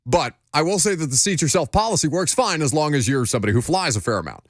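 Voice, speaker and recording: A man's voice: fairly high pitch, big pitch swings, fast, no room sound, studio quality. A man hosting a sports radio show, talking in a wry, teasing, chatty way. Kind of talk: casual sports radio banter.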